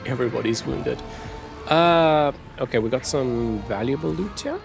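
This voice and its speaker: A man streaming a game, giving relaxed, casual commentary and getting excited at what he finds. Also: mid-range voice, normal speed, vocal fry, over music. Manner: relaxed, easily excited, talking to himself.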